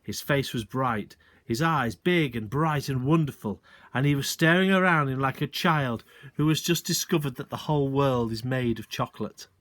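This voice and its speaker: A male teacher reading a children's book aloud, expressive, with short asides to the listeners. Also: mid-range voice, moderate pace.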